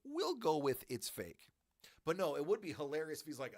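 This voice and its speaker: A man hosting a collectibles channel, telling a story in a joking, animated way and acting out the voices. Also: fairly high pitch, normal speed. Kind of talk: casual storytelling.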